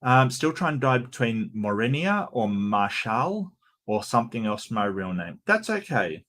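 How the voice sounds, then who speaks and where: An Australian man talks casually to his stream audience at a middle pitch. He jokes with the chat and keeps stumbling into restarts and repeated words. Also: sing-song, unhurried, a bit bright. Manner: chatty, stammering restarts, joking with chat. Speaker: streamer host.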